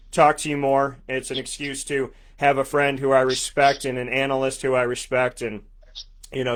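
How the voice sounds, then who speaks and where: Hosting a morning sports talk show, this man in his thirties from Syracuse, upstate New York, sounds upbeat and effusive, doubling up words for emphasis. His medium-pitched voice carries a slightly bright quality as a sports radio host.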